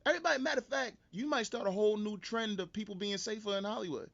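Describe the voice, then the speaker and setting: A male podcast host on an animated, profane and joking comedic rant. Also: sits high, fast, gravelly, highs cut off.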